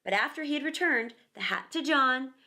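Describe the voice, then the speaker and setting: Woman storyteller, high lively voice, expressive children's read-aloud. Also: moderate pace. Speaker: storyteller, actor and teacher.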